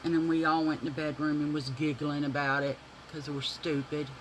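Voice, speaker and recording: A man telling a profane, animated childhood story to his viewers while doing makeup. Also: on the high side, a little fast, slight background noise, low-quality recording. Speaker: beauty vlogger.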